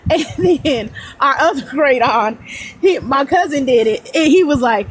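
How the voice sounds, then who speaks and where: A lively woman in her thirties with a fairly high voice, telling stories in a loose, rambling way and breaking into laughter. Her delivery is casual and animated, with a faint hiss behind her. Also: moderate pace, poor audio. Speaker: guest. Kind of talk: casual storytelling on a livestream.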